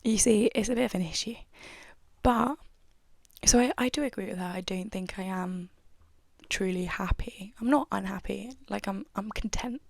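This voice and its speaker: A woman's voice: mid-range voice, moderate pace, vocal fry, no room sound. A young woman hosting a podcast, chatting in a rambling, casual way with lots of likes and you-knows. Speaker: podcast host. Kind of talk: casual chat.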